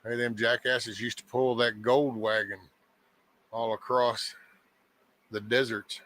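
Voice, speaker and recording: A man's voice: mid-range voice, level tone, slow pace, a bit bright, dry recording. A man hosting a casual morning chat show who talks in a folksy, meandering, joking way. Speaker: host of a daily live show.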